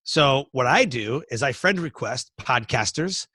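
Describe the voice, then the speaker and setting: A man who coaches public speakers, talking in a casual interview in an energetic, storytelling way. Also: medium pitch, measured pace, breathy edge, dry recording. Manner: energetic, storytelling, acts out quoted dialogue.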